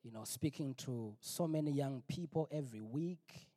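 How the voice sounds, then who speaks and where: A middle-aged male pastor preaching a personal testimony, emphatic and repetitive, sometimes rising to near-shouts. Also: mid-range voice, moderate pace. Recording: long reverb, big hall.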